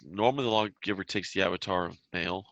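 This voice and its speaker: A man's voice: low voice, fast talker, fairly bright tone, no echo, dull audio. A man running a tabletop game as game master, explaining lore with frequent hesitations.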